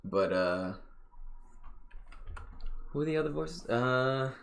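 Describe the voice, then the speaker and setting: A man's voice: medium pitch, takes it slowly, gravelly. Rambling, swearing young man reacting. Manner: rambling, profane, lively. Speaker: streamer reacting to a trailer. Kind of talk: casual reaction commentary.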